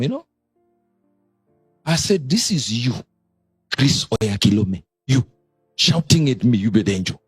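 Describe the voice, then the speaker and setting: Husky guy preaching, voice jumping all over the place, dry sound with faint music under it. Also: unhurried, pauses often, no echo. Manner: animated, sudden high exclamations and drops. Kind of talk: sermon.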